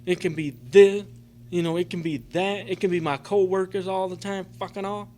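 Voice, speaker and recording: A man's voice: high voice, fairly even intonation, normal speed, warm tone. A middle-aged man giving an emotional, profane personal testimony to a recovery group, rambling and filling with "man" and "you know". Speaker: recovery convention speaker. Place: convention meeting room.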